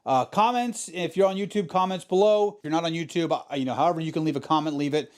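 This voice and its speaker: A man's voice: fairly high pitch, fast talker, darkish tone. A man hosting his own podcast, giving an emphatic, profane motivational talk that keeps repeating its points. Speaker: podcast host. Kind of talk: motivational monologue.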